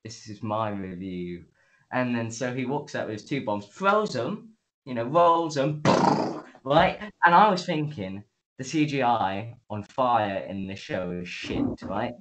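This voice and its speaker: A man co-hosting a podcast walks through a show's episode in casual chat, freely profane and acting out the dialogue with gusto. His medium-pitched voice moves at an unhurried pace, and the sound is poor.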